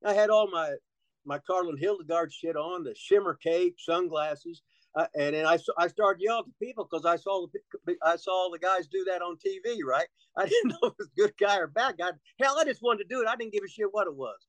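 A man's voice: high-pitched, brisk, a bit bright, no echo, low-quality recording. Profane, rambling man telling stories. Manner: profane, rambling, laughing storyteller. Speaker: interview guest. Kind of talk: storytelling in a casual interview.

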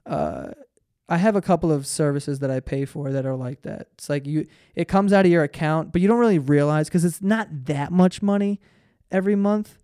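A man's voice: a little high, a little fast, warm tone, dry recording, studio quality. Profane, rambling young man. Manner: rambling, profane, self-interrupting storytelling. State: tired. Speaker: podcast host. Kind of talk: solo casual podcast monologue.

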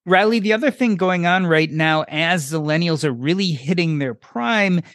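A man's voice: a little high, dry recording, clean studio sound. A man hosting a podcast interview, asking probing questions in a casual way. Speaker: podcast host.

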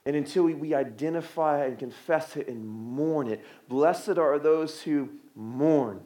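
A man in his thirties preaching a sermon as pastor, moving between soft hushed passages and loud urgent ones, often repeating words as he builds. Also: fairly high pitch, a little slow, roomy sound. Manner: repeats words and restarts phrases.

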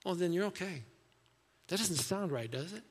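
A man preaching a sermon in a conversational way, acting out quoted voices and dropping to soft asides. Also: high-pitched, expressive, normal speed, slightly rough, long reverb tail. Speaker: pastor.

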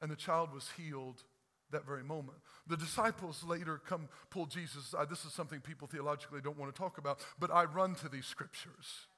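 A male pastor preaching a sermon in a church, swinging from hushed to shouted and repeating phrases for emphasis. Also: a little high, fairly even intonation, a little fast, few pauses. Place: church sanctuary. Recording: church hall reverb with faint music.

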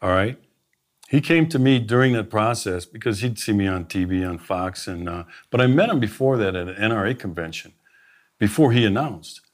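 Male guest, lowish voice, lively storyteller who voices each person in his anecdotes. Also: normal speed. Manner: animated anecdotes, quoting himself and others. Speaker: podcast guest, former sheriff. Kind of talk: conversational interview storytelling.

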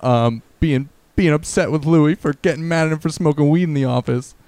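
A man in his thirties co-hosting a casual podcast, rambling and joking with a lot of swearing and animated bursts. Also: a little high, fairly quick, no room sound. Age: 30s. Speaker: podcast co-host. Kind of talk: casual chat.

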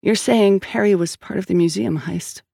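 A man reading aloud puts on a hard-nosed female detective who fires off sharp, demanding questions. Her voice sits higher than his narration and keeps a gravelly rasp. It is a close, dry audiobook read. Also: normal speed, dry recording. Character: tough, blunt female police detective.

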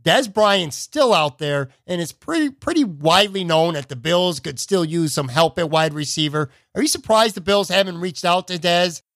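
A man's voice: high-pitched, expressive, normal speed, few pauses, a bit bright, dry recording, clean studio sound. A man hosting a podcast, asking long, chatty, run-on questions. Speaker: podcast host. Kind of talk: casual interview questions.

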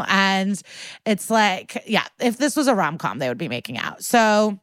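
A woman with a mid-range voice speaks at normal speed in studio-quality audio with no room sound. Co-hosting a podcast, she casually recaps a TV episode, animatedly acting out the characters' lines with swearing and laughter.

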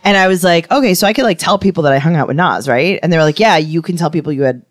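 A low-pitched woman tells a story on a podcast in casual chat, and her pitch swings widely as she acts out each person's lines. She laughs often through the tale. The sound is dry and close, with no room echo. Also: racing. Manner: animated storyteller who acts out quoted dialogue and laughs often. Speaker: podcast co-host.

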